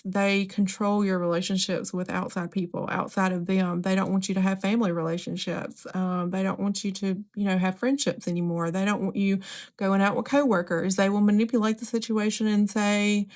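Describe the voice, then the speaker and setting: A woman's voice: medium pitch, level tone, moderate pace. A woman hosting a podcast, talking candidly in a casual, conversational way with frequent ums and asides. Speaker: podcast host. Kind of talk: casual solo podcast talk.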